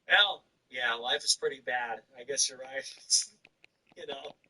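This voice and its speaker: A man's voice: mid-range voice, expressive, measured pace, sharp tone, distant mic, low-quality recording. A man hosting a livestream, talking in a blunt, sardonic way with laughing asides. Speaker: livestream host. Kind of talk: casual livestream commentary.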